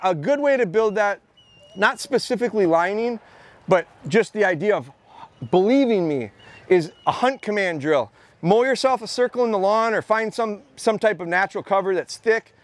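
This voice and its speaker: A man who is a dog trainer giving an energetic, repetitive talk at a live training seminar outdoors. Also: high voice, moderate pace. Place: outdoor expo training area.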